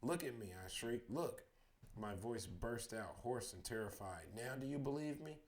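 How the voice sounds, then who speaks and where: A man's voice: on the low side, unhurried. A man reading as an anxious teenage boy. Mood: terrified.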